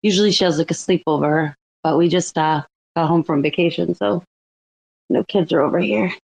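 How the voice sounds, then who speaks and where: A woman's voice: fairly low pitch, moderate pace, creaky, darkish tone. Joking woman hosting a chat. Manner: joking, laughs a lot. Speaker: space host. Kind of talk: casual chat.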